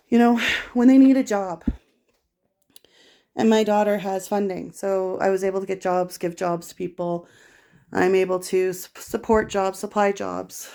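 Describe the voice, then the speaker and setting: A middle-aged woman from Canada in an emotional personal monologue, rambling, raw and halting. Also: mid-range voice, steady tone, warm tone. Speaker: vlogger.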